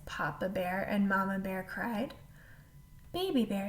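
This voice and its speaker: A woman reading a picture book aloud to a child, with animated delivery and asides to the listener. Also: medium pitch, slow pace. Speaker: storyteller.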